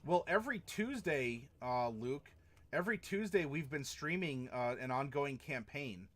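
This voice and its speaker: A man's voice: medium pitch, expressive, measured pace, fairly bright tone. A man hosting a tabletop role-playing live stream, chatting casually and rambling with chuckles while reacting to chat. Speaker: stream host.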